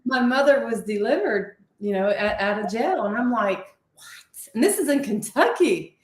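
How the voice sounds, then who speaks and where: A woman's voice: a little high, animated, moderate pace, slight background noise. Southern-accented woman in an echoey room. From Ohio. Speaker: co-host. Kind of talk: casual chat.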